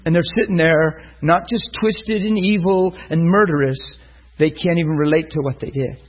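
A man's voice: a little high, normal speed, dull audio. A man preaching a sermon, telling a story and acting out the voices of the people in it. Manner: storytelling, acts out voices in quotes.

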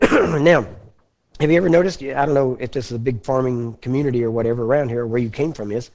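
A man from Texas preaching a teaching sermon. He talks in a folksy way, keeps checking in with "Amen?" and "You understand?", clears his throat often and slows down to read scripture. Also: mid-range voice, darkish tone. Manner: slows down when reading scripture.

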